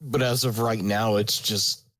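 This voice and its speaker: A man's voice: lowish voice, steady tone, unhurried, a bit bright, dry recording. A man co-hosting an anime review chat, dry and understated, often hesitating mid-sentence. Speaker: podcast co-host.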